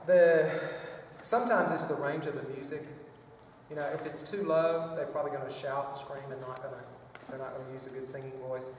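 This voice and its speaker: A man's voice: on the high side, fairly even intonation, brisk, slight background noise. A man leading a children's choir workshop, chatty and rambling, with playful vocal demonstrations. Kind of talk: music workshop lesson. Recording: echoey hall from far off.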